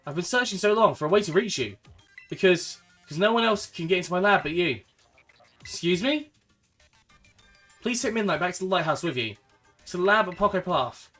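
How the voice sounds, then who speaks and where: Man voicing a worried game professor father, pleading, fairly high, quiet music under it. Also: expressive, moderate pace, pauses often. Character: worried male professor calling out to his son.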